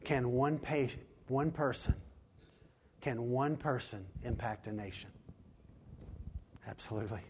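A man in mid-range pitch delivering a sermon. He sinks into slow, hushed lines for emphasis and then lifts his voice high and loud when reading scripture, tossing in quick acted-out asides along the way. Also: a little hiss or hum. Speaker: pastor.

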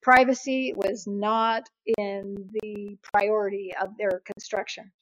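A woman's voice: medium pitch, slow pace. A woman guest telling a travel story in a casual interview, acting out the voices of the people in it. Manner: animated, acts out voices in her anecdotes. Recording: dull, dry, lo-fi sound.

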